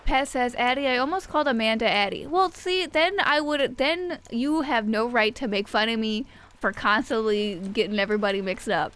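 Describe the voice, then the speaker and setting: A woman's voice: a little high, moderate pace, a bit bright. A woman streaming a game, reading chat and chatting casually in a rambling, profane, self-mocking way. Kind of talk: casual chat while gaming.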